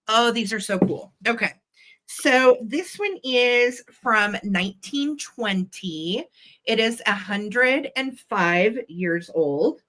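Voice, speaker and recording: A woman's voice: medium pitch, a bit bright. A woman hosting a live online vintage sale, talking in a chatty, enthusiastic way with plenty of ums as she shows items. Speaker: host and vintage seller. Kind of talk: live online sales show.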